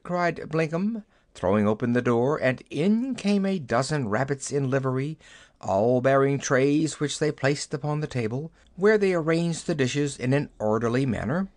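Man, audiobook narrator, steady delivery, scripted narration, mid pitch. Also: normal speed.

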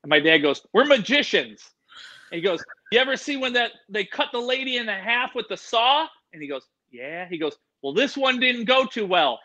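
Animated, bright-voiced man telling stories. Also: on the high side, dull audio. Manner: animated, rambling storyteller. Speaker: animal expert guest. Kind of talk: casual storytelling interview.

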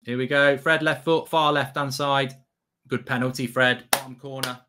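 Excitable man reacting live. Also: mid-range voice, normal speed. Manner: excitable, swearing, talking to himself. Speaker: streamer reacting to football.

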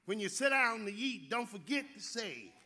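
A man with a Southern American accent preaching a sermon in church, building to shouts on key phrases. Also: sits high, sing-song, moderate pace. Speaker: pastor.

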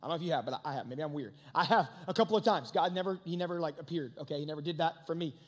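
High-voiced young man preaching in a hall. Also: rapid-fire, slightly rough. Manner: animated, conversational preaching with asides to the crowd. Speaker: youth pastor. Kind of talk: youth sermon. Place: large hangar used as a church hall. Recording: long hall reverb.

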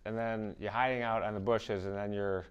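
Smooth clear guy hosting a podcast, nudging the guest along. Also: on the low side, steady tone, moderate pace, muffled recording. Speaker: podcast host. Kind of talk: interviewing a guest.

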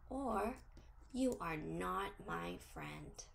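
A woman teaching preschoolers, reading a social story slowly in a sing-song, gently encouraging way. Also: medium pitch, expressive, gravelly. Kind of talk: social story read to young children.

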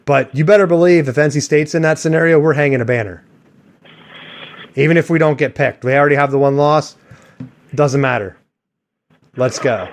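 A man's voice: fairly high pitch, moderate pace, long pauses. A man hosting a sports podcast, rambling and joking in casual chat with a co-host.

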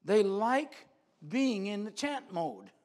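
Male preacher, high-pitched, earnest sermon delivery with repeated phrases, church setting. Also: sing-song, slow pace, a little mellow.

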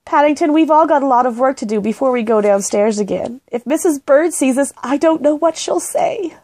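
A woman's voice: expressive, a little fast, darkish tone. A woman voicing a bossy, caring young girl who fusses and takes charge in a storybook reading. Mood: fussing. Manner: high and urgent, fussing.

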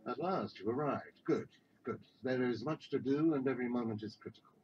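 An actor playing a stern, commanding older male Sith overseer in a video game, speaking in a measured, imperious way. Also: mid-range voice, natural voice. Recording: dull game audio with background noise.

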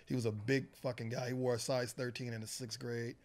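A man's voice: medium pitch, level tone, brisk. Man, podcast guest, boisterous, swearing, anecdotal. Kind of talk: casual storytelling chat.

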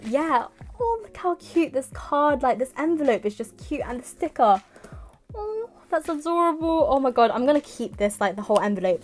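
A young woman, unboxing a parcel in a casual vlog, giddy and excitable with exaggerated reactions. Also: fairly high pitch. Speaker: manga vlogger.

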